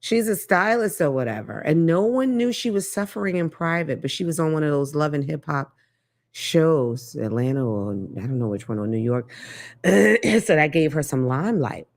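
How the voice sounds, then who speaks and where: Animated, profane woman host. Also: deep voice, moderate pace. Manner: blunt, profane, animated, laughs often. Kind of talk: casual commentary monologue.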